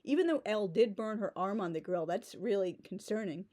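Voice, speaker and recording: A woman's voice: medium pitch, animated, brisk, mellow. A woman in her forties giving a sarcastic, exasperated rant as a book reviewer. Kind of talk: ranting book critique.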